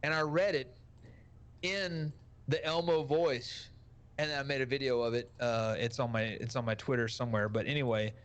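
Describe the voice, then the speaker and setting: A man's voice: mid-range voice, steady tone, moderate pace, a bit bright. A man, a guest streamer, chatting casually in a crude, jokey way with frequent swearing. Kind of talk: casual podcast chat.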